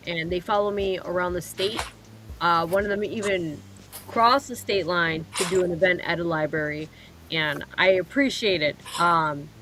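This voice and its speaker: Bright, animated, self-mocking woman. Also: lowish voice, slight background noise. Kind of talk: casual chat.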